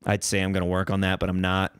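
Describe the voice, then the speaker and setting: A man's voice: low voice, monotone, fast talker, clean tone, dry recording, studio quality. A man from Missouri hosting a solo podcast, rambling and joking with a profane, self-mocking streak. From Missouri, United States. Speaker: podcast host.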